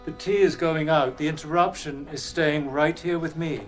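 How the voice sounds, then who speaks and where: A man plays a fussy, irritable tailor in a film scene, and his lines come out clipped and testy. His voice sits a little high for a man, and faint music plays underneath the dialogue. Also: steady tone, moderate pace, close to an everyday voice. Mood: irritated.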